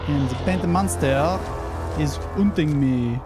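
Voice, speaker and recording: A man streams a game live and talks through it in a casual, wry, chatty way, answering viewers as he plays. His voice sits a little high, with faint music underneath. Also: slow. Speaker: streamer host. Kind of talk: live gameplay commentary.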